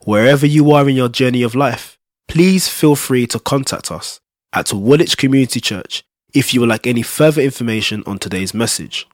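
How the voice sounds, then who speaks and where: A man reading a polite, steady closing announcement for a church podcast. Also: medium pitch, normal speed, dry recording, clean studio sound.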